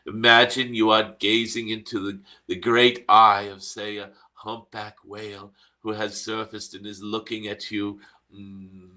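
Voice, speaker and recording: A man channeling a gentle, wise cosmic dragon spirit in a slow guided meditation, humming "mm" between phrases. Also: fairly low pitch, level tone. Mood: serene.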